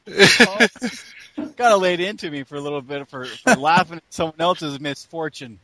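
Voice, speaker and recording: A man's voice: sits high, lively intonation, measured pace, long pauses, sharp tone. A man telling a childhood story with amusement, laughing along as he goes. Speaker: podcast co-host. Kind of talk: casual storytelling.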